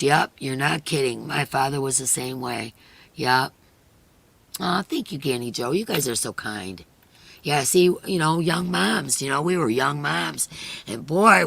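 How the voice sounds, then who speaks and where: A middle-aged woman hosting a crochet live stream, chatting earnestly and emotionally with viewers, her voice hoarse and fading. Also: very deep voice, measured pace, a bit bright, no echo. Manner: earnest and emotional, many "you know" fillers. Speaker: crochet channel host. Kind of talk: casual chat on a live stream, reading viewer comments.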